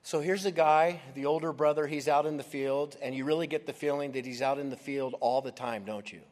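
A man's voice: on the high side, steady tone, a little fast, darkish tone. A man preaching a sermon, retelling a story expressively and acting out the voices of its characters. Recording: long hall reverb.

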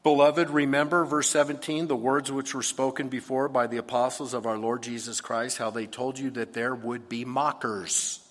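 A man preaching a sermon in an animated way, sometimes acting out complaining voices. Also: medium pitch, moderate pace, hardly any pauses, in a large hall. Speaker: pastor.

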